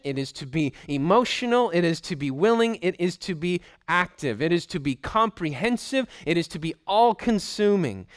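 A man's voice: high voice, dry recording, studio quality. Emphatic man preaching a sermon. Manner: emphatic, repeats phrases for stress. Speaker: pastor.

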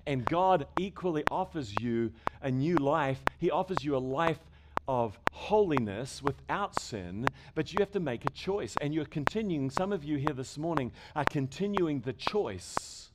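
Loud background noise and clicks run through this recording of a pastor preaching an emphatic sermon before a congregation. His voice is a little high, animated and unhurried, and he asks rhetorical questions.

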